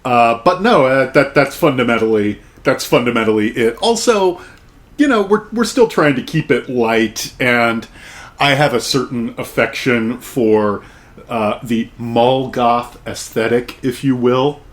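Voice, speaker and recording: A man's voice: medium pitch, expressive, a little slow. A man co-hosting a casual podcast, with dry humor and a hesitant, filler-heavy delivery. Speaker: podcast co-host.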